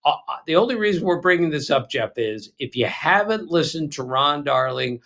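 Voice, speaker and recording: A man's voice: on the high side, animated, moderate pace, creaky, fairly bright tone. A man co-hosting a casual baseball podcast, telling anecdotes with frequent restarts. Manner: storytelling, stumbling restarts. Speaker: podcast co-host. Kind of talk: casual sports chat.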